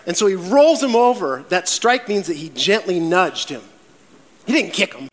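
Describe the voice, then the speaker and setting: High-voiced, animated preaching man. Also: unhurried. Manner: animated storytelling with acted-out voices. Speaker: pastor. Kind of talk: sermon. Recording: echoey hall with long reverb.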